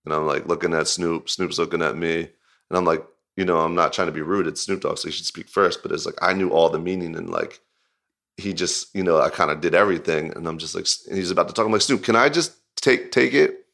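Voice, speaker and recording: A man with a deep, low voice tells a story in a casual interview. He rambles, with "like" scattered through every sentence, and laughs as he recounts the events. He directs music videos. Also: a little fast, gravelly. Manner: rambling, filler-heavy storytelling with frequent "like"; animated, laughing retelling.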